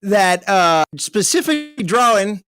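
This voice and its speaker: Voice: mid-range voice, lively intonation, measured pace, fairly bright tone, clear, resonant tone, dry recording, studio quality. A co-host bantering wryly in a political talk show, mostly short interjections.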